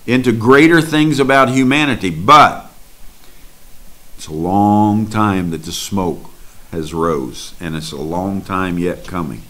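A man preaching a slow, drawn-out sermon, reading scripture aloud and expounding on it. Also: low-pitched, a bit bright.

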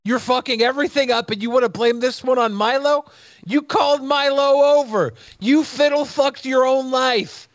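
A man's voice: extremely high pitch, moderate pace, no room sound, dull audio. A man co-hosting a commentary show, mocking and blunt, swearing freely. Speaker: co-host. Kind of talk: commentary on clips.

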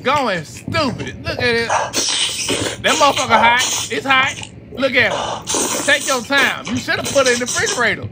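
A streamer doing casual reaction commentary, swearing freely and shouting questions back at the screen. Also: medium pitch, sing-song, moderate pace. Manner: profane, exclaiming, talking back to the screen. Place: home streaming setup. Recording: noisy stream mic.

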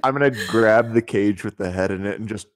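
A man playing in a tabletop game, talking in a relaxed, rambling, wry way. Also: fairly low pitch, brisk, dry recording, studio quality. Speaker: player. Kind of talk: casual tabletop play.

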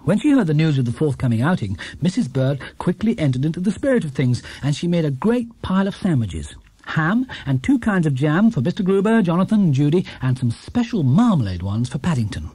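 Storybook narrator, male, mellow and slightly husky, expressive. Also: fairly high pitch, fairly quick, no echo. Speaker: audiobook narrator.

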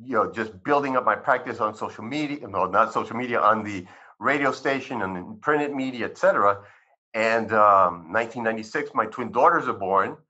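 Here a man in his fifties speaks with a fairly low, slightly rough voice at a fairly quick pace. He's a physician being interviewed about his life, animatedly performing the dialogue from the exchanges he recalls, and the sound is dull and lo-fi.

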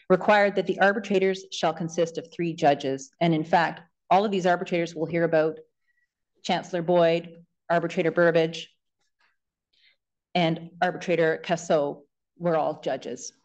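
Measured woman lawyer making a submission. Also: on the low side, a little mellow. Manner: measured, reads passages aloud from documents. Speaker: government lawyer. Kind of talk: formal closing submission in court. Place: courtroom.

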